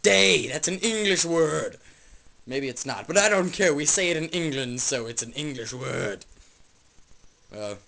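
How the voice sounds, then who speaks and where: A young man ranting off the top of his head in a rambling, jokey way, swinging from mumbles to yells. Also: a little high, animated, measured pace, pauses often, low-quality recording. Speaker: vlogger. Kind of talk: improvised comic rant.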